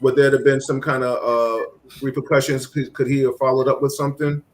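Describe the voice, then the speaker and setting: Man hosting a talk stream, mid-pitched voice, chatty, reads viewer comments. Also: flat delivery, a little fast. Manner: reads out viewer comments, retells stories animatedly. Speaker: host. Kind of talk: casual chat.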